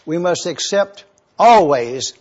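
A man preaching a sermon, slow and emphatic, stopping to spell out words for his listeners. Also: a little high, animated, darkish tone. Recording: dull lo-fi recording.

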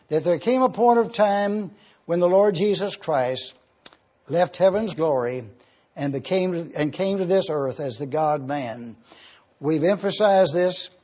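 A man preaching a sermon, explaining Greek words slowly and spelling them out letter by letter. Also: fairly high pitch, a little mellow, dull audio. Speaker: pastor. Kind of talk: sermon with Greek word study.

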